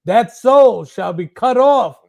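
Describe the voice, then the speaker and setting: A man reading Bible verses aloud in a slow, deliberate way during a study session. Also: extremely high pitch, expressive, gravelly. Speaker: scripture reader.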